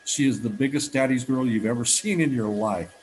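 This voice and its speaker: A man's voice: mid-range voice, brisk, poor audio. A middle-aged man with a mid-range voice speaks at a recovery meeting. He tells his story earnestly and from the heart, often restarting his sentences. A faint hiss of noise sits behind him. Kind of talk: personal testimony talk.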